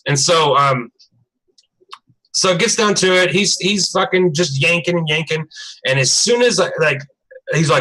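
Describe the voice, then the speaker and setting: A bright-voiced young man speaking a little higher than most men, chatting on a live stream. He tells his story in a loose, profane, animated way. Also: fairly quick, rough recording. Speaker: livestream co-host. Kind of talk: casual live-stream chat.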